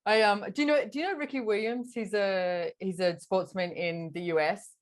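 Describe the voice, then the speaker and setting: A woman's voice: medium pitch, steady tone. A woman hosting a podcast interview, casually chatting, often agreeing with her guest and posing reflective questions. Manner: affirming, lots of quick agreement, rhetorical questions. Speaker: podcast host.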